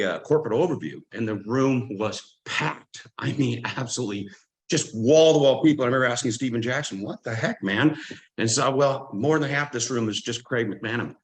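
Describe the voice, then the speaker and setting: A man from Louisiana, hosting a team call in a relaxed way, with many fillers and restarts. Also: mid-range voice, low-quality recording. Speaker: host.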